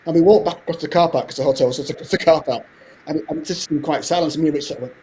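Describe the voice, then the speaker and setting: A middle-aged man, telling stories as a podcast guest in animated, rambling talk. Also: fairly high pitch, slight background noise. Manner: fast, animated anecdote-telling with frequent laughs. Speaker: guest composer. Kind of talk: casual podcast interview storytelling.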